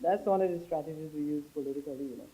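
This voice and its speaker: A man's voice: fairly high pitch, racing, noisy background. A man speaks casually from a podium as a tourism minister, chatty and joking with frequent tag questions. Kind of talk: informal podium speech.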